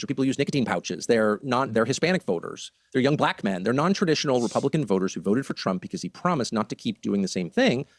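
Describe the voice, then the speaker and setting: Impassioned American man, fast and lively. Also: mid-range voice, dry recording, studio quality. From United States. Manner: emphatic, impassioned, heartfelt. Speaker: interview guest. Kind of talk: political interview.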